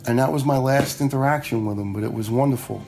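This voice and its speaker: A man's voice: medium pitch, fast talker, vocal fry, darkish tone. A man, a retired fire lieutenant telling personal stories in a blunt, frank way, swearing freely and acting out the dialogue he quotes. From New York area. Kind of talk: casual personal storytelling.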